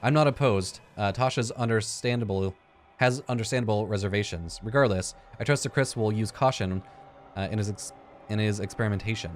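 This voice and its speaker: Low-voiced man joking through a game. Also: a little fast, a little hiss or hum. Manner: joking, swears, thinks aloud. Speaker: let's play gamer. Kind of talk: casual gameplay commentary.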